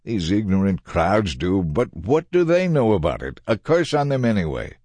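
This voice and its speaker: A man's voice: on the low side, lively intonation, normal speed, a little mellow, dry recording, pitched above the performer's own voice, close to an everyday voice. A man voicing the sneering, mocking male Pharisees in a dramatized Bible reading.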